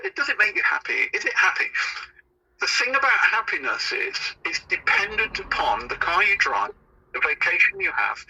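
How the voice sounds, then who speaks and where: Bright, husky-voiced man, rambling. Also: a little high, poor audio. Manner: rambling and anecdotal, with frequent restarts. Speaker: podcast guest. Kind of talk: conversational podcast interview.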